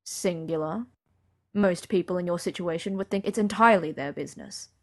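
A woman's voice: lowish voice, moderate pace, lightly acted. A woman reading an audiobook voices an aloof, proud young man in pain, with a dry, clipped manner. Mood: guarded.

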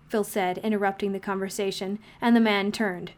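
A woman narrating a fan-fiction story aloud in a steady, wry storytelling manner. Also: mid-range voice, brisk, hardly any pauses. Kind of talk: audiobook fan-fiction reading.

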